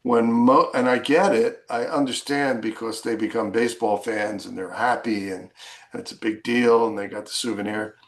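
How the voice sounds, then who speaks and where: An older man co-hosting a podcast, chatting in an easygoing way and thinking out loud. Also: mid-range voice, steady tone, moderate pace. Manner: easygoing, laughs along, thinks aloud. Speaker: podcast co-host. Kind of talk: casual chat.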